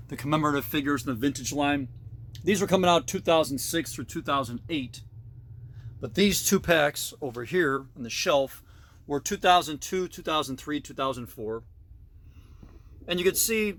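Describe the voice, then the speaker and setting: Relaxed middle-aged man, casual narration. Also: mid-range voice. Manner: relaxed, with frequent fillers and self-corrections. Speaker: collector giving a tour of his collection. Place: basement room.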